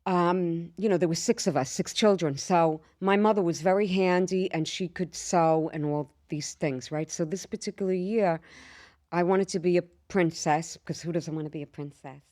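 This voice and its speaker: A woman, co-hosting a podcast and telling a brash, animated story with a lot of swearing. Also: on the low side, moderate pace. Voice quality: slight lisp. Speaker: podcast co-host. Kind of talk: casual storytelling chat.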